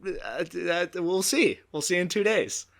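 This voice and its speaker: A man's voice: sits high, expressive, a little slow, vocal fry, fairly bright tone. A young man co-hosting a casual sports podcast, rambling and self-mocking as he talks. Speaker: podcast co-host.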